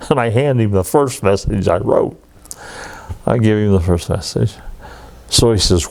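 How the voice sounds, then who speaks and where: A man's voice: fairly low pitch, moderate pace, gravelly, long pauses. A man in his eighties telling war stories in an oral history interview, laughing often and acting out what others said. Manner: lively anecdotes, laughs often, acts out quoted dialogue. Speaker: veteran interviewee.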